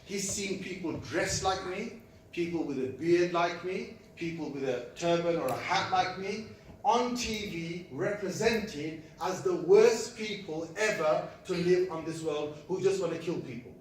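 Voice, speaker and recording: A man giving an animated storytelling lecture, acting out voices and laughing at his own jokes. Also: high voice, a little slow, a little hiss or hum. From Britain. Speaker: Islamic lecturer. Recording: echoey hall, speaker far from the mic.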